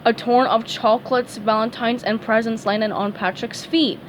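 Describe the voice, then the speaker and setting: A woman reading a cartoon fan story aloud, slowly and carefully, with the odd stumble. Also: a little high, little pitch movement, a little hiss or hum, low-quality recording. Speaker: fan fiction reader. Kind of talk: storybook read-aloud narration.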